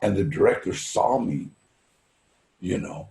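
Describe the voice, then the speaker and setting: An older man, a guest speaker at a recovery fundraiser, tells laid-back anecdotes casually, sprinkling in "man" and "you know" and acting out the people in his stories. His voice is low, gravelly, dark and expressive, unhurried, in an echoey room.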